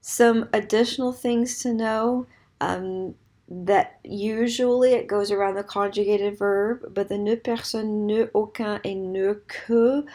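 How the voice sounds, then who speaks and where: Woman, French teacher, clear explanatory lesson, mid-range voice. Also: mid-range voice, steady tone, slow, dark tone. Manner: clear explanatory teaching, switching between English and French examples. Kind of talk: recorded grammar lesson.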